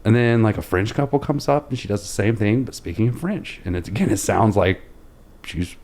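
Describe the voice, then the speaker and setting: A man's voice: fairly low pitch, animated, fairly quick, a little mellow. A man from Oklahoma, a podcast guest, casually telling rambling, self-deprecating travel anecdotes. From Oklahoma, USA. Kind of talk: casual storytelling.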